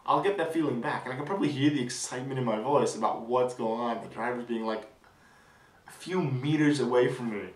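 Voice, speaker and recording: A young man vlogging a casual weekend recap, rambling with fillers and restarts, excited. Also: mid-range voice, a little fast, reverberant, far from the mic, low-quality recording.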